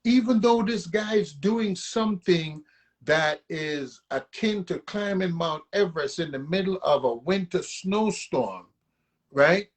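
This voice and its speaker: A man's voice: high-pitched, slow pace. A man who leads a union local, speaking emphatically as a guest and often checking in with a "right?". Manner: emphatic, rallying, checks in with listener. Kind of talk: casual conversation.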